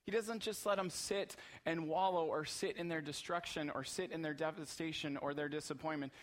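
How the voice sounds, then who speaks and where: A man's voice: on the high side, fairly even intonation, normal speed. A man preaching a sermon as pastor, earnest and emphatic, repeating phrases for rhythm.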